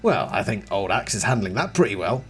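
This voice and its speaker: A wisecracking teenage boy, sarcastic and jokey, whose pitch jumps up and down, as a man reads him aloud. Faint music plays underneath. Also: big pitch swings, fairly quick, fairly bright tone.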